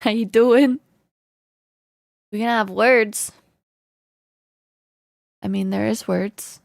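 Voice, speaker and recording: A woman streamer chatting casually with her viewers, greeting them and laughing often, her voice slightly hoarse. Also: mid-range voice, steady tone, slow, no echo, clean studio sound. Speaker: live streamer. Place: home in Canada.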